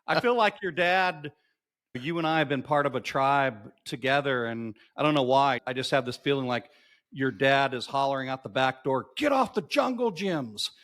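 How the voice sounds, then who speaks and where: A relaxed man talks as a podcast guest, ribbing his host with dry, teasing humor. His voice has an ordinary middle pitch. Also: moderate pace. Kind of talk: casual podcast interview.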